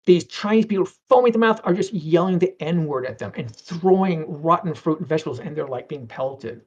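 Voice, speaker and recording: A man's voice: on the high side, brisk, a little mellow, breathy edge, lo-fi sound. A middle-aged man talking casually as an interview guest, rambling through anecdotes with stammers and acted-out quotes.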